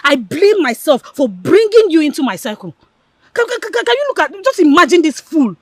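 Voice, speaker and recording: A woman's voice: sits high, very animated, brisk, dry recording, studio quality. A jealous, hot-tempered village woman. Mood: scornful. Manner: scornful, insulting, stammers when angry.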